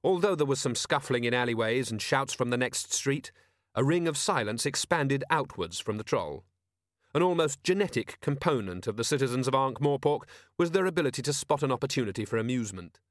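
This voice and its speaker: A man's voice: medium pitch, no echo, clean studio sound. Wry male audiobook narrator. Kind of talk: scripted narration.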